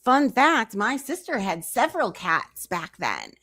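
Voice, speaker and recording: A woman's voice: on the high side, huge pitch swings, unhurried, fairly bright tone, no echo, clean studio sound. A woman streamer giving reaction commentary on a clip, incredulous and teasing as she talks back to it.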